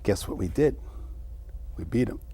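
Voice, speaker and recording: A middle-aged man, an interview guest, musing over childhood memories in a halting way, with many restarts. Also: on the low side, animated, mellow, slightly rough. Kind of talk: reflective personal storytelling.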